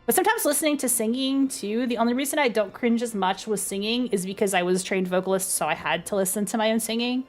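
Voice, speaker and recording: A young adult woman with a low, dark speaking voice, chatting casually on a stream with lots of fillers and self-deprecating asides. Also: fast talker, few pauses, soft background music.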